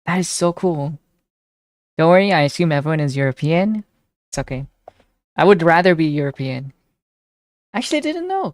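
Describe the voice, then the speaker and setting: A woman's voice: low-pitched, dry recording. Chatty young woman streamer, dry close sound. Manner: chatty, reads chat aloud and answers it, excitable. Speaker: live streamer. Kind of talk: casual chat reacting to viewers.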